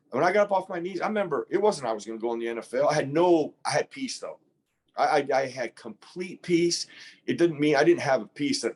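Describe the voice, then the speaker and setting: A man's voice: on the high side, expressive, fairly quick, a little mellow, breathy edge. A man in his fifties, a former pro football player, telling an earnest, reflective story as a podcast guest, often restarting his sentences.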